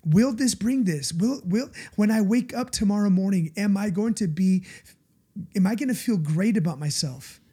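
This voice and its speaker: A man's voice: high-pitched, lively intonation, moderate pace, mellow, husky. A male pastor giving a conversational sermon, earnest and confessional, often turning to the listeners for agreement.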